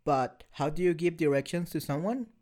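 A male language teacher giving a measured, scripted lesson explanation. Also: fairly high pitch, darkish tone.

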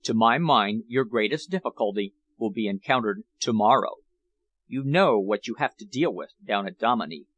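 A man's voice: lowish voice, lively intonation, moderate pace, a bit bright, highs cut off. Audiobook: male reader voicing a plump, talkative plotter, eager and easy. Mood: calm. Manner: eager, chatty. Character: plump, talkative, chatty schemer.

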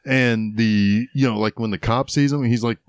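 A man's voice: medium pitch, steady tone, normal speed, smooth, dry recording, clean studio sound. A man co-hosting a casual podcast about a film, laid-back, swearing casually and laughing often. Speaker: podcast co-host.

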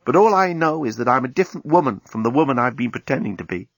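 A man's voice: medium pitch, animated, fast, dry recording. A man voicing Lucy, a thoughtful woman who speaks earnestly about her life. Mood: resolute.

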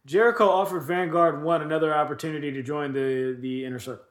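A man on a casual podcast, running through a wrestling recap in a loose, profane ramble full of "uh" and "um". His voice sits a bit higher than most men's. The room around him is echoey. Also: steady tone, fast talker. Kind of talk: casual chat.

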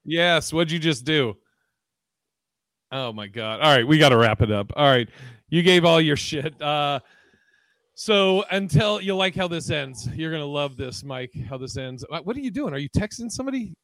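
Brief: male comedy podcast host, animated and profane, dry recording. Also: on the high side, normal speed, no room sound. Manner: profane, animated storytelling, laughs often. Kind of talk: casual chat. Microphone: video call.

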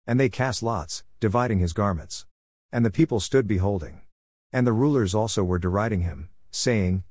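A man reading scripture aloud in a steady, measured narration. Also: fairly low pitch, dry recording, studio quality. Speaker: scripture reader.

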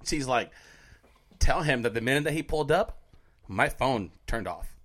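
A man on a casual talk radio show who tells stories with real excitement and acts out every voice. His pitch jumps around a lot, and he laughs through the funny parts. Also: normal speed. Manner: excitable storyteller, acts out the people he quotes. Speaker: co-host telling a work story.

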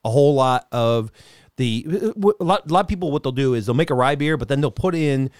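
A man co-hosting a casual podcast, telling stories in a lively way and acting out the people he quotes. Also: mid-range voice, a little fast, no echo, clean studio sound. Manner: animated storyteller, acts out quotes. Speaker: podcast co-host. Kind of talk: casual chat.

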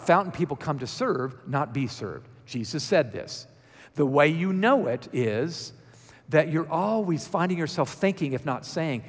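A man with a Georgia accent preaching a conversational sermon and asking the congregation questions. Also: mid-range voice. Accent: Southern US (Georgia). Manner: lively, asks the congregation questions. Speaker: guest preacher. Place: church sanctuary. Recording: reverberant church sanctuary.

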